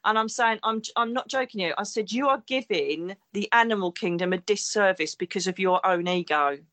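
A psychic medium who used to be a detective talks a little fast in a medium-pitched, somewhat bright voice. She's emphatic in this interview, acting out the people she quotes.

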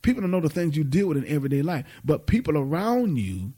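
A man's voice: on the high side, big pitch swings, fast talker, dark tone, slightly rough. A man giving an informal, conversational sermon, asking the congregation to finish his lines. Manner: call-and-response questions, conversational. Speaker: preacher.

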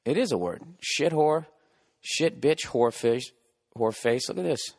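A male podcast host in the middle of a casual comedic monologue. He rambles and swears, drifting between sarcastic asides. His mid-pitched voice carries a long echoing reverb. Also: animated, measured pace, darkish tone.

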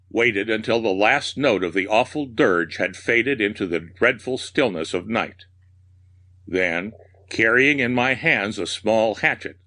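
A man narrating a horror story in a slow, deliberate delivery, giving every phrase room to land. His voice sits fairly low yet sounds bright and forceful, with a theatrical, ominous edge. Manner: measured, darkly theatrical narration. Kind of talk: dramatic reading of a horror tale.

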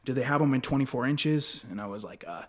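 A man's voice: mid-range voice, animated, fast talker. Laid-back young man telling stories. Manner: laid-back storytelling with lots of swearing and laughter. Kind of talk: casual chat.

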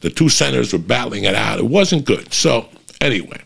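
Gravelly, profane New man. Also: medium pitch, normal speed. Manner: profane, animated, rising to loud rants. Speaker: stand-up comedian. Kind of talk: profane stand-up storytelling.

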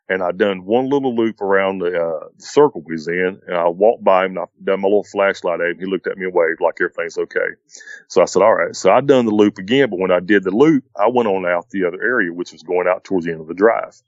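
A man's voice: low-pitched, quick pace, no echo, highs cut off. A middle-aged man casually retelling a night encounter in a rambling way, repeating "he said" and "I said" as he goes. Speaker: storyteller.

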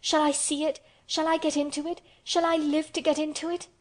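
Woman reading a sickly excitable boy; lift the voice, keep it eager and fretful. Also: fairly quick, natural voice. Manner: eager and high-strung. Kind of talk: storybook character voice.

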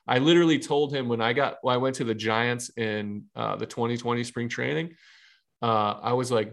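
A man in his thirties chatting on a podcast in a middle-pitched voice. He tells his stories with energy, acts out each line of dialogue and laughs along the way. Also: normal speed, creaky. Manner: animated storyteller acting out dialogue, laughing. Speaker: podcast co-host and former baseball pitcher. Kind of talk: casual podcast chat.

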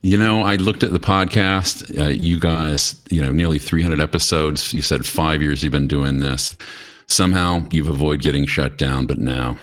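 Very deep-voiced candid American man. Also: moderate pace. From United States. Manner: candid, chatty, acts out quoted dialogue. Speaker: podcast guest. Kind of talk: casual interview storytelling.

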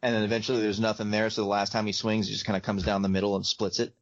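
A man co-hosting a podcast in casual chat, spinning out scenes with some fillers and acting out shouts. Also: on the low side, level tone, racing. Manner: storytelling, hesitant fillers, acts out voices. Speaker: podcast co-host. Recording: slightly dull lo-fi sound.

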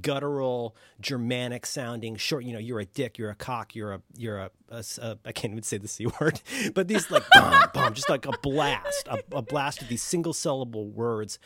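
A man's voice: mid-range voice, fairly bright tone. A man co-hosting a podcast in casual chat, musing aloud and searching for words in a playful way. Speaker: podcast co-host.

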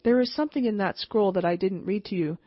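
A woman reading the lines of a querulous, obstinate male village mayor in an audiobook, with a husky voice. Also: medium pitch, fast talker, no echo, natural voice. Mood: grim, stubborn. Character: stubborn grim old male village mayor. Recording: slightly muffled, dry recording.

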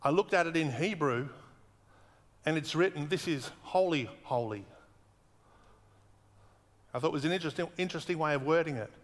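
A man preaching a sermon earnestly, slowing down and repeating words for emphasis. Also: fairly high pitch, in a large hall. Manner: earnest, emphatic repetition, slows for weight.

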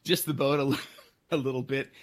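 A podcast host in his sixties rambles through a story at a fairly quick clip, poking fun at himself and stumbling over fillers and restarts. His voice sits in the mid-range with a steady tone.

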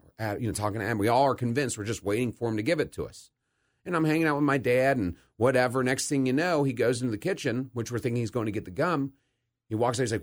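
A middle-aged man hosting a casual interview, telling stories with animated quoted voices. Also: medium pitch, fast. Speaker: podcast host.

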